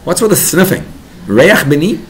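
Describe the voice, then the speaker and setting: A man's voice: fairly high pitch, sing-song, moderate pace, a bit bright, slight background noise. A man giving a Torah class to parents as a rabbi, talking animatedly and building to emphatic bursts.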